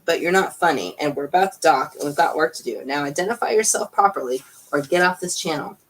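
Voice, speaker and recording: Casting: gruff drawling male captain on the radio, put on by a woman reading. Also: low voice, animated, fast talker, low-quality recording. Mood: irritated.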